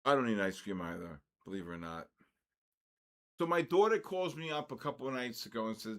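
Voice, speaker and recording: A man's voice: mid-range voice, normal speed, long pauses. Give me an older man as a livestream host, chatting casually and exclaiming with mock outrage. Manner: animated, exclamatory, jokingly outraged. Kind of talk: casual chat reading viewer comments.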